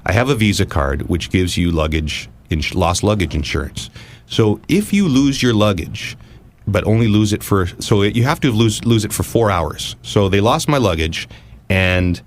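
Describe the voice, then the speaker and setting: Low-voiced man telling stories on a podcast. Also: normal speed, a little hiss or hum. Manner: animated storyteller, acts out quotes. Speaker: podcast host. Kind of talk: casual chat.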